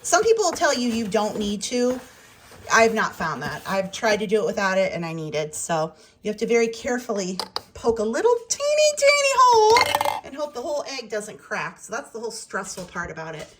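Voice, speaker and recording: Lively chatty woman vlogging at home. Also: mid-range voice, fairly quick, slight background noise. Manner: chatty, talks through chores and to her dogs. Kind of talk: casual home vlog chat. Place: home kitchen.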